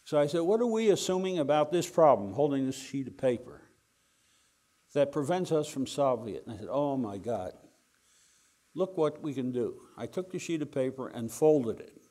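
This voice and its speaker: An older man telling a wry, animated anecdote to an audience, acting out the dialogue as he goes. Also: mid-range voice. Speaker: speaker telling a story to an audience. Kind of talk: anecdotal storytelling talk.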